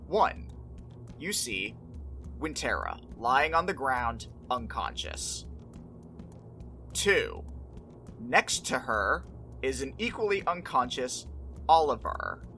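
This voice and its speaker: A game master narrating a tabletop game in a measured, dramatic way with pauses. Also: medium pitch, very animated, pushed and bright, faint music behind.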